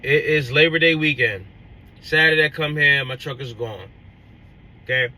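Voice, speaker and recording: Animated man, bright forceful voice. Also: medium pitch, moderate pace, poor audio. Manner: animated retelling, acts out dialogue, many restarts. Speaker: owner-operator truck driver. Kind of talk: casual storytime vlog.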